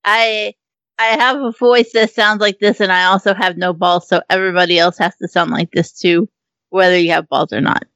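Woman co-host, high-pitched, giggly and crude, dry close sound. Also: steady tone, normal speed, a bit bright, no room sound. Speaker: podcast co-host. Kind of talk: casual gaming chat.

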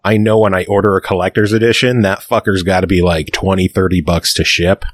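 A man's voice: sits low, flat delivery, fairly quick. A man hosting a gaming podcast, chatting casually, swearing and joking with his co-hosts. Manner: profane, joking, laughs easily. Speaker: podcast host. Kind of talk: casual chat.

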